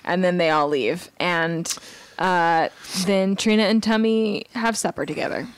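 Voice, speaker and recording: A woman's voice: on the low side, steady tone, clear, resonant tone, no room sound. A woman co-hosting a podcast, casually retelling a cartoon episode and briefly quoting the characters, laughing often. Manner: brisk storytelling, slipping briefly into characters' lines, laughs often. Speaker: podcast co-host.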